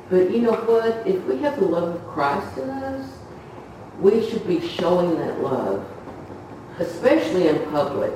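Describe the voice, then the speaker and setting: A woman's voice: low voice, darkish tone, slight background noise. A woman giving an informal testimony sermon to a congregation, a chatty storyteller who laughs through her stories. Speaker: church speaker giving testimony. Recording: echoey hall, far from the mic.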